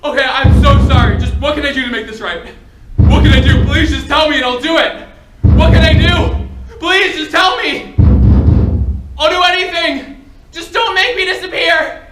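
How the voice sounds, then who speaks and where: A young woman actor playing a disgraced detective in a live solo stage play, pleading and near-shouting into a phone. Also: high voice, moderate pace, long pauses. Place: theatre stage. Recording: distant roomy stage recording, dull. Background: loud music.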